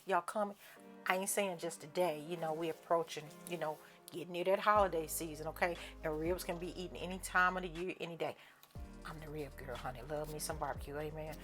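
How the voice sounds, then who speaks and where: A woman's voice: deep voice, fairly quick, soft background music. A woman hosting a home cooking video in a folksy, playful way, calling her viewers honey and child and dropping preachy amens. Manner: lively, playful hype. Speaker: cooking channel host. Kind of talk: casual cooking video chat.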